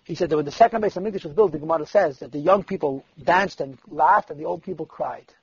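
Male storyteller, high and raspy with fry, sermon-style anecdotes, dull dry lo-fi recording. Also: fast, no room sound. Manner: lively storyteller who voices the people he quotes. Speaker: storyteller at a religious gathering.

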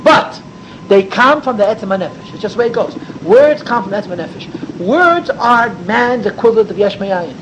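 A man with a high-pitched voice leads a Torah class in a lively lecturing style. He asks rhetorical questions and leans hard on key words. A faint vehicle rumble sits under the recording. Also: fairly quick. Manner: animated, rhetorical questions, sweeping pitch for emphasis. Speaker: rabbi teaching a class.

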